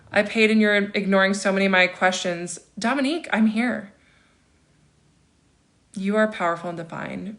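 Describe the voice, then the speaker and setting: Gravelly woman chatting on a livestream. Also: medium pitch, moderate pace, fairly bright tone. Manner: reads viewer comments aloud and answers them, chatty, laughs often. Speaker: livestream host. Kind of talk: casual livestream chat, reading comments.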